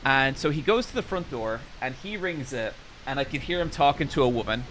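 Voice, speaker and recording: A man streamer telling a long anecdote to his chat, animated and casually swearing as he rambles. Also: medium pitch, brisk, soft background music.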